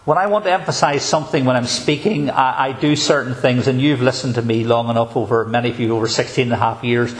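A man, a pastor, preaching a sermon in an emphatic, measured way with deliberate pauses. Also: medium pitch.

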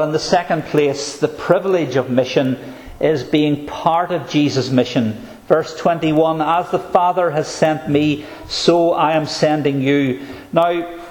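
A man delivers a sermon in a slightly higher voice, earnest and emphatic, slowing down to stress key phrases. The sound is echoey, as if from a church room. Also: darkish tone. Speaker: preacher.

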